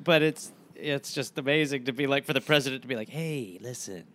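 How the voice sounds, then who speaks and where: A man's voice: mid-range voice, fairly even intonation, quick pace, sharp tone. A man co-hosting a comedy podcast, chiming in with jokes and mock voices. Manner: jokey interjections and mock voices. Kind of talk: casual banter.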